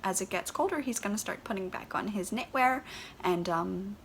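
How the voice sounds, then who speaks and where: A woman with a Philadelphia accent hosts her knitting vlog in a casual, rambling chat. Her voice is bright and crisp with a gravelly fry, and she gushes along, leaning on "um" between thoughts. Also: mid-range voice, lively intonation, normal speed, slight background noise. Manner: gushing, rambling, with many "um"s. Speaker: knitting podcast host.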